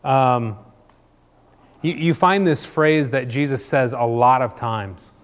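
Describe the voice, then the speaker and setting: A man's voice: medium pitch, takes it slowly, clean tone. A man leading table discussions in an informal church talk, conversational and questioning, with frequent fillers and restarts. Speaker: church group leader. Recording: long reverb from a hall.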